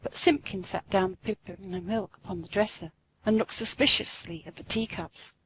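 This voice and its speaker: A woman narrating a classic storybook aloud in an expressive, sing-song way. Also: mid-range voice, normal speed, slight background noise, poor audio.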